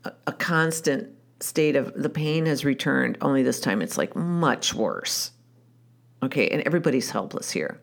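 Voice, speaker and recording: A woman with a notably low-pitched voice tells a story from her own life. Her delivery is candid and wry, with the loose rhythm of conversation and frequent restarts. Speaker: wife and mother. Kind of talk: personal storytelling.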